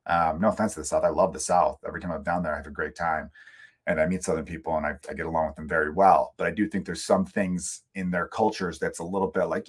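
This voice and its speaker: A man's voice: sits low, fairly even intonation, fast talker, husky. A middle-aged man hosting his own comedy podcast from home, rambling through opinions in a casual rant and swearing freely. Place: room at home.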